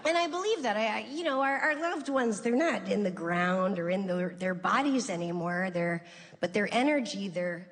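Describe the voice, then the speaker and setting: Woman comic working a big room: casual, dry delivery, reverb-washed live sound. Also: normal speed. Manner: conversational, deadpan storytelling with sudden high-pitched voices for quoted people. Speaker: stand-up comedian. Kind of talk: stand-up routine. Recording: live show with long hall reverb and faint ambience.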